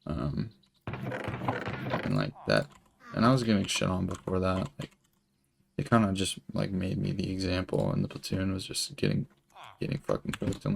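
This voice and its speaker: A man's voice: low voice, vocal fry, a little hiss or hum. A young man telling a long story while he plays a game, rambling and swearing, with lots of filler words. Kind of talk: casual storytelling while gaming.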